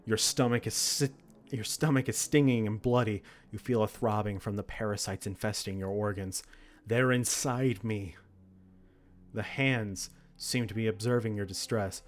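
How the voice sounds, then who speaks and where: A man's voice: on the low side, steady tone, moderate pace. A man reading a text horror game aloud, with dramatic narration broken by laughs and reactions. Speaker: game streamer.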